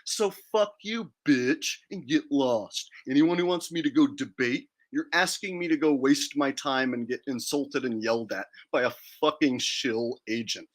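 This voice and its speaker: A man with a medium-pitched, fairly bright voice hosts a livestream. In this casual rant, he talks in a blunt, defiant and profane way.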